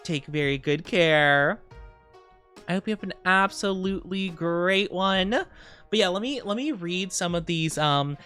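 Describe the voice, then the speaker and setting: Woman streamer, casual chat, rambling, giggly, smooth clear voice, faint music behind. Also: fairly low pitch, a little slow, a bit bright. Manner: rambling and giggly, heavy on fillers. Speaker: VTuber streamer.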